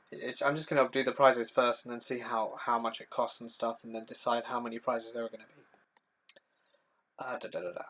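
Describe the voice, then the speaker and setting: A young man with a southern English accent, hosting a casual livestream, telling a spooky story and answering chat in a rambling, self-correcting way. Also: on the high side. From south-east England. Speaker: livestream host.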